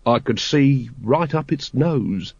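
Man doing a low tired watch captain, middle-aged, gruff, dry close sound. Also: normal speed, no room sound, dull audio, lightly acted. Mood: weary.

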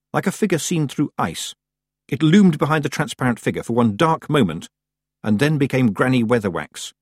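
A man reads a fantasy story aloud with expressive storytelling. His voice is husky and moves through a lively pitch range. The sound is dry and close. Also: no room sound. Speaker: audiobook narrator. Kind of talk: scripted narration.

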